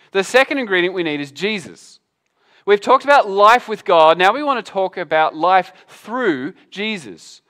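A man preaching a sermon, animated and conversational, acting out both sides of a Bible passage in quick voices. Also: sits high. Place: church hall with an audience.

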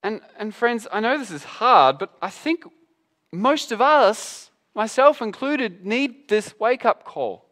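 A man preaching a sermon, animated and conversational, acting out both sides of a Bible passage in quick voices. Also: sits high. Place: church hall with an audience.

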